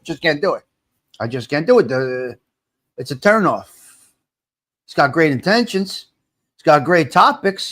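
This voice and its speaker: A man's voice: a little high, fairly bright tone. A man hosting a casual livestream, rambling, repeating himself and answering viewers' comments aloud.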